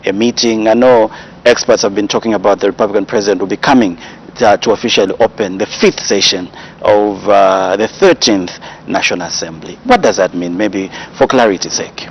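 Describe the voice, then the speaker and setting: A man, interviewing a guest on a broadcast and asking halting questions full of filler sounds. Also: lowish voice. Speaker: radio or TV interviewer. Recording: dull broadcast audio with faint hiss.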